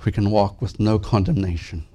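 A man preaching a sermon as pastor, soft and slow in prayer, lifting his voice when he reads scripture aloud. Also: on the low side. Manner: earnest, rises and grows louder when reading scripture.

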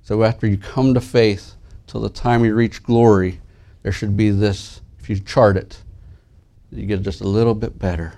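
A man preaching a sermon as pastor, soft and slow in prayer, lifting his voice when he reads scripture aloud. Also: fairly low pitch, steady tone. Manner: earnest, rises and grows louder when reading scripture.

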